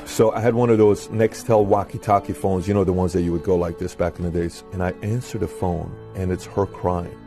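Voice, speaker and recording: A man's voice: low voice, fairly quick, hardly any pauses. A man telling a personal story with feeling. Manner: emotional, animated retelling. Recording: speech over music.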